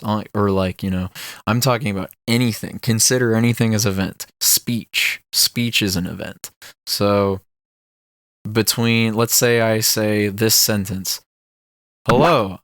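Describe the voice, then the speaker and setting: A man's voice: lowish voice, fairly bright tone, no room sound, studio quality. A young man hosting a solo podcast, talking casually in a rambling way with lots of fillers. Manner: rambling, filler-heavy, musing about ideas. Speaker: podcast host.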